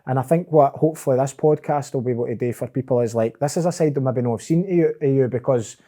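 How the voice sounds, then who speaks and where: A man's voice: mid-range voice, mellow. A man with a Scottish accent hosting a podcast, chatty and encouraging in casual conversation. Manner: chatty, encouraging, lots of quick agreements. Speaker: podcast host.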